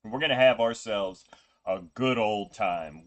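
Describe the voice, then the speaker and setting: A man streaming a video game, chatting casually in a rambling, joking, low-key way. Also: measured pace. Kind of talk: casual gameplay stream chat.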